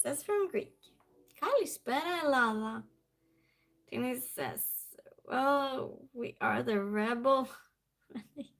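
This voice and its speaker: Bright, high-voiced woman hosting trivia. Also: expressive, slow pace, creaky, pauses often. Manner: reads viewer chat aloud and greets viewers by name. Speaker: trivia night stream host. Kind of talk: casual live-stream chat.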